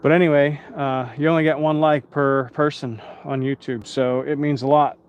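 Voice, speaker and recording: A man's voice: fairly high pitch, fairly even intonation, moderate pace, clean tone. A tired man hosting a casual live stream outdoors at night, rambling and chatting with his viewers.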